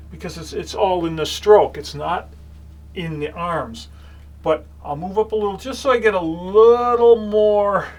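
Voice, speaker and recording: A man giving a calm, explanatory gong lesson, talking in short phrases between strokes. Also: sits high. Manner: calm, explanatory, with many pauses while playing. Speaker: gong teacher. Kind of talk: demonstration lesson.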